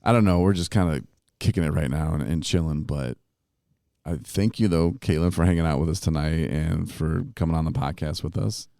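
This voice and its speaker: A man hosting a recovery podcast at a retreat, telling stories in a casual, animated way and laughing often. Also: very deep voice, brisk, vocal fry, no room sound, clean studio sound. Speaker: podcast host. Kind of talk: casual storytelling chat.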